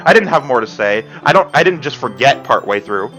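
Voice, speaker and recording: A male let's-play gamer reads a visual novel aloud and breaks in with sarcastic, quick reactions and the odd curse. His voice is mid-pitched, with a bright, forceful tone. Faint game music plays underneath. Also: expressive, poor audio.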